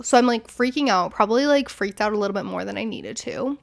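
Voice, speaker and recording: A young woman hosting a podcast, telling a story in a casual, animated way, with constant "like" fillers and frequent swearing. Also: a little high, fairly quick, gravelly, hardly any pauses. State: recovering from an illness. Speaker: podcast host.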